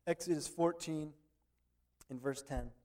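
A man's voice: on the high side, a little slow, dark tone. A male pastor preaching a sermon in a conversational way, with many fillers and restarts.

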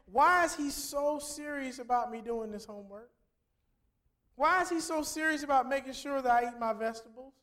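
A middle-aged pastor with a strikingly high voice preaches in a relaxed, conversational way. He tells stories and acts out the lines of the people in them. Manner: conversational storytelling, acts out quotes. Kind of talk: sermon.

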